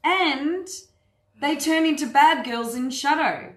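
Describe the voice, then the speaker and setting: A woman's voice: high voice, slow pace. A woman coach giving a frank, earthy workshop talk to a group, swearing freely and speaking with animation. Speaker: women's empowerment coach. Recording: echoey room.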